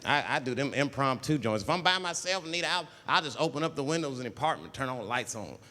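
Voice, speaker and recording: A man performing a stand-up comedy routine on stage, talking in an animated way and jumping into loud put-on voices. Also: medium pitch, fast talker. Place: stage in a large hall. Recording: live hall recording, faint ambience.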